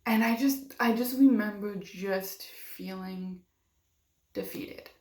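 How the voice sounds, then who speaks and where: A woman's voice: mid-range voice, takes it slowly, a little mellow. Woman telling a painful story, roomy sound. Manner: emotional, acts out quoted dialogue, many fillers. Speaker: vlogger. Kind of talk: personal storytelling. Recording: roomy echo.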